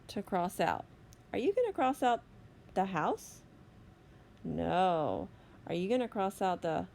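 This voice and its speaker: A woman teacher giving a slow, deliberate phonics lesson to young children, stretching out each sound. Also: fairly low pitch, sing-song, vocal fry, darkish tone, slight background noise. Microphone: recorded voice-over for a whiteboard lesson video.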